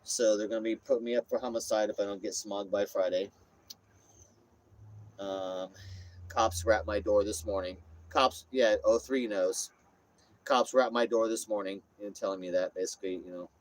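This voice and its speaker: A man's voice: on the low side, fairly even intonation, moderate pace. A man livestreaming from his parked RV on a phone, rambling and repeating himself, swearing freely in casual chat. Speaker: streamer. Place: inside a parked RV.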